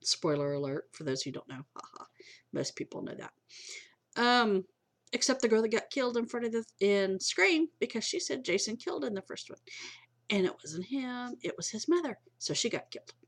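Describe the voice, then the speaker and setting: A woman's voice: on the high side, sing-song, a little fast, fairly bright tone. Middle-aged woman, home vlogger; rambling, chatty, a little tired. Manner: rambling, chatty, self-interrupting. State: tired and yawning. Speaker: movie collector vlogger. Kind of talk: casual chat. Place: home room.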